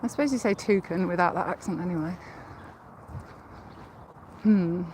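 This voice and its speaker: A young woman from Leicestershire with a softened Leicestershire accent, chatting on a live stream while walking a cycle path, enunciating carefully and giggling. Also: lowish voice, animated, takes it slowly, rough recording. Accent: Leicestershire English, toned down. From Leicestershire, England. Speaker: livestreamer. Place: outdoors on a riverside cycle path. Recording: loud outdoor noise, wind and traffic.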